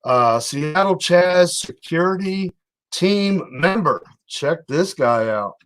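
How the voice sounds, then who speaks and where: A man's voice: on the high side, animated, takes it slowly, a bit bright. A man giving casual, blunt commentary on news clips, rambling with fillers.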